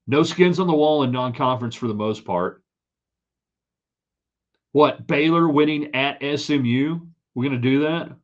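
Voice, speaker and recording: A man's voice: mid-range voice, a little slow, long pauses. A man hosting a live sports stream, giving chatty, opinionated commentary that rambles with restarts. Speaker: sports podcast host. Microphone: streaming setup mic. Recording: slightly dull lo-fi stream audio.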